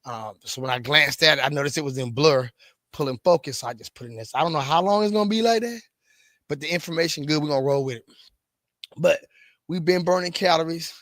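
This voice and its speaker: A man's voice: a little high, quick pace, fairly bright tone, no room sound, studio quality. A middle-aged man coaching fitness, talking casually to the camera, often repeating words and restarting lines. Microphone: camera mic.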